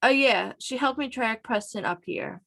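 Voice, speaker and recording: A woman reading as a smooth-talking teenage boy. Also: fairly high pitch, moderate pace, fairly bright tone. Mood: evasive.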